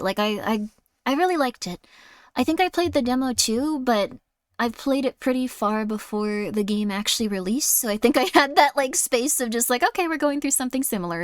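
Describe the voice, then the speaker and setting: A woman streamer in casual chat with a fairly high voice. She agrees readily, laughs easily and strings her thoughts into long sentences. Her voice is close and dry. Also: smooth, no echo.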